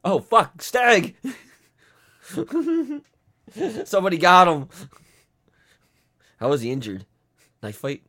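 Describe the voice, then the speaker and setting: A man's voice: sits high, wildly swooping pitch, takes it slowly, pauses often, a bit bright. A man co-hosting a podcast in casual chat, riffing crude jokes and laughing often. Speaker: podcast co-host.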